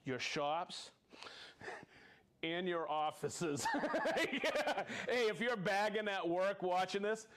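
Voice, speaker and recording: A man's voice: sits high, slow pace, fairly bright tone, clear, resonant tone. A man hosting a live product show in casual chat, jovial and chatty, reading out viewer names and laughing often.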